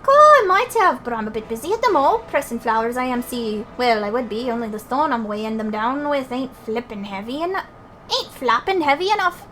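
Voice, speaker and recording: A woman's voice: on the high side, expressive, normal speed, sharp tone. A woman voicing a fussy fairy craftsman who presses flowers, with a lilting, folksy way of speaking. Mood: busy.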